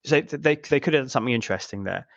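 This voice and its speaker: A man's voice: medium pitch, animated, racing, vocal fry, no room sound. A male podcast guest giving wry, analytical comments in a casual film discussion. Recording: dull, dry lo-fi audio.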